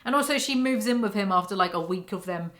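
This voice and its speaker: A woman's voice: medium pitch, expressive, quick pace, a bit bright. A young woman giving a casual spoken book review to camera at home. She rants candidly and swears freely.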